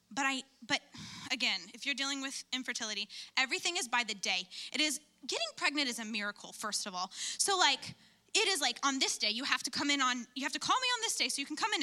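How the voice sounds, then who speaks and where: A young woman gives a church testimony with a high, very bright voice. She tells it like a chatty, animated story, full of fillers and asides. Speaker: speaker at church. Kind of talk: personal testimony.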